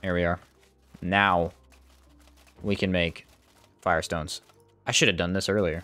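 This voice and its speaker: A man's voice: little pitch movement, unhurried, pauses often, sharp tone. A man streaming a game live, chatting casually with viewers and reacting to the play. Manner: chatty, reads out chat, jumps up in pitch when surprised. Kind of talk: casual live gameplay commentary.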